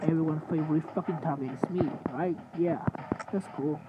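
A man giving sleepy, swear-filled gaming commentary, trash-talking opponents and mocking himself, with loud game noise underneath. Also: a little high, moderate pace, lo-fi sound. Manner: sleepy, swearing trash talk with self-mockery. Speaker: gamer. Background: loud game sounds.

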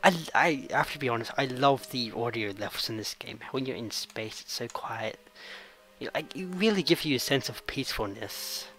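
A man's voice: medium pitch, moderate pace, poor audio. A man hosting casual let's-play game commentary, rambling and giggly, cracking jokes as he goes. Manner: wears headphones while talking. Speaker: gaming channel host. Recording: loud steady background noise.

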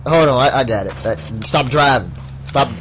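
A man's voice: mid-range voice, moderate pace, fairly bright tone, slight background noise. A man hosting a gaming video, bantering crudely with a friend and laughing a lot while he plays. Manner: crude teasing, laughs often. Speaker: gaming channel host. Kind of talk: casual let's-play banter.

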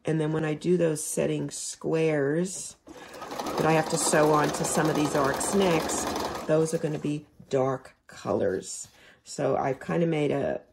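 A chatty woman giving a casual sewing lesson, talking straight to her viewers. Her voice sits low and turns gravelly. A faint hum of noise runs behind her. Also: a little slow, a little mellow. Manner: chatty, talks to viewers while working. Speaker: quilting instructor.

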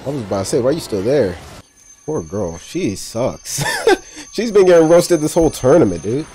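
A man's voice: mid-range voice, huge pitch swings, normal speed, dark tone, slight background noise. Laid-back man cursing through a movie reaction. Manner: loose, profane slang, laughs often. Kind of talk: casual movie reaction commentary.

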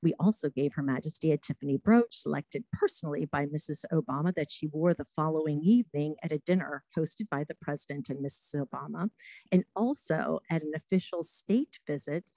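A middle-aged woman, a former diplomat, giving a talk full of lively anecdotes and acted-out quotes. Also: deep voice, moderate pace, dry recording, low-quality recording. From United States. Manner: lively anecdotes, acts out quotes, laughs often. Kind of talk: storytelling talk.

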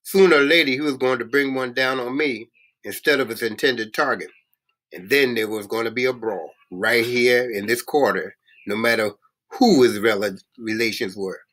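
A man's voice: mid-range voice, bright, forceful tone. Man reading a novel with stumbles. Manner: halting, frequent stumbles and restarts. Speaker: reader.

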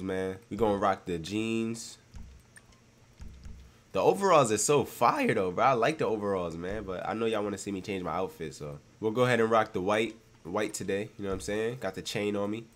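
A young man with a congested voice from a cold, giving slangy, hyped commentary over his gameplay. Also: on the low side. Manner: slangy, hyped, loud outbursts. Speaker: gaming streamer.

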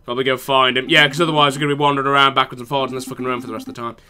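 A man's voice: mid-range voice, little pitch movement, rapid-fire, pushed and bright, faint music behind. A young man in university playing a video game, reading the dialogue aloud and mocking the characters with sarcastic, profane remarks. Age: young adult. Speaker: let's play gamer.

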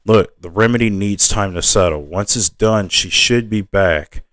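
An earnest young healer, mild and a little unsure of himself, as a man reading his own book gives him voice. The voice is deep and low, close to the reader's own. The sound is dry and close. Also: unhurried, fairly bright tone, no room sound. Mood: uneasy.

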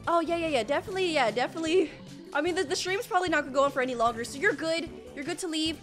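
A woman's voice: high-pitched, animated, racing. A young woman streaming a game live, panicking, exclaiming and pleading with the game as she plays. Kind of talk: live gameplay commentary. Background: game music.

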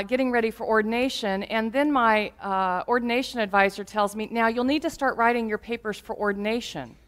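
A woman pastor preaching a sermon, telling stories in an animated, humorous way. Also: medium pitch.

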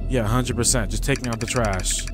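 A young man commentating a horror game he is playing, loud, profane and joking as he talks back at it. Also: medium pitch, steady tone, a little fast, background noise. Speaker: gaming streamer. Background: game music.

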